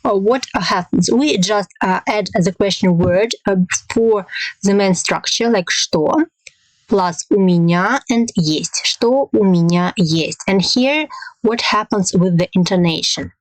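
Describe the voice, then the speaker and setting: A woman teaching a language lesson, hesitating with many fillers and modelling example phrases slowly and carefully. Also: mid-range voice, no echo, low-quality recording.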